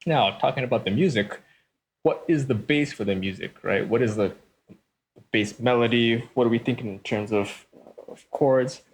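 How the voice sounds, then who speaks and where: A man's voice: medium pitch, moderate pace, slight background noise, rough recording. A man hosting a let's-play, giving casual commentary and explaining his design choices step by step.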